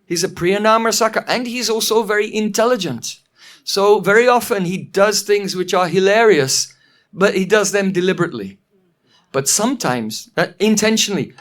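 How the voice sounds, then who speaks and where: A man's voice: high voice, a bit bright. A male teacher retelling a classical drama in a storytelling lesson, explaining as he goes and chuckling often.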